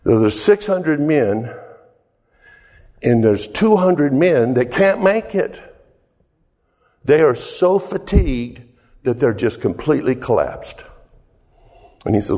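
A man's voice: mid-range voice, expressive, measured pace, long pauses, dark tone. A man preaching a sermon, telling a story earnestly and asking the listeners rhetorical questions. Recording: echoey hall.

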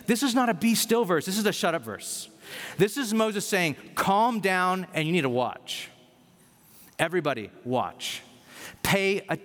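Animated preacher in a reverberant hall. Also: male voice. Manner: animated preaching, acting out quoted voices with loud pitch jumps. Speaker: pastor. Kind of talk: sermon.

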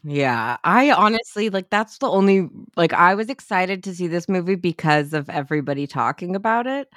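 A woman's voice: fairly low pitch, expressive, normal speed, a bit bright, no room sound, studio quality. A young woman co-hosting a podcast, chatting casually, laughing often and swearing freely. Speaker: podcast co-host. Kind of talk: casual chat.

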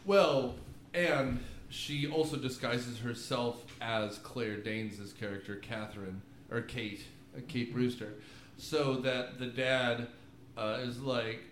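A man co-hosting a casual movie podcast from his room, talking in a rambling, jokey, animated way with lots of asides. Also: medium pitch, slow pace, reverberant, a little hiss or hum. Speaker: podcast co-host. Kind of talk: casual movie recap chat. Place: home room with DVD shelf.

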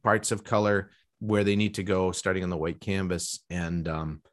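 A middle-aged man with a fairly low voice, chatting casually as a host. He talks with eager enthusiasm in long, rambling stretches, often restarting his sentences. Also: steady tone, normal speed. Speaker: podcast host and professional artist. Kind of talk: casual conversation.

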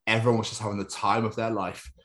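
A man's voice: lowish voice, little pitch movement, fast, fairly bright tone. A young man, co-hosting a podcast in casual chat, jokey and rambling. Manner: chatty, jokey, slips into silly put-on voices. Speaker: podcast co-host.

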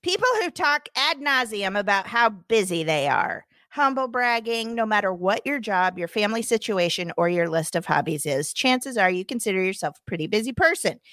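A woman's voice: mid-range voice, expressive, moderate pace, hardly any pauses, fairly bright tone, no room sound, clean studio sound. A woman co-hosting a podcast who chats casually, laughs often and reads out a rant from a script. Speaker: podcast co-host. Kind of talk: casual chat and reading a rant. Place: home recording room.

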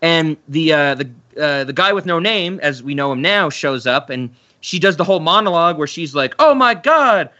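Chatty man reviewing a film, bright tone. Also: fairly high pitch, normal speed, hardly any pauses. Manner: rambling, restarts, acts out quotes. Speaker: podcast co-host. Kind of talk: casual film review chat. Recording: slightly muffled audio.

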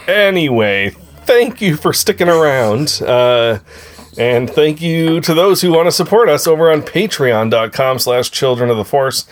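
A man's voice: a little high, expressive, unhurried. A man hosting a casual podcast with family, talking in a loose, rambling way and calling himself a mumbler. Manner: laid-back, rambling, self-described mumbler. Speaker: podcast host.

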